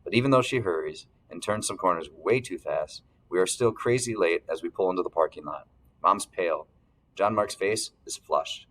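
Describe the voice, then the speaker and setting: A man reading a first-person novel aloud as narrator, steady, clearing his throat now and then. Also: deep voice, normal speed, slight background noise, low-quality recording. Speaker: audiobook narrator.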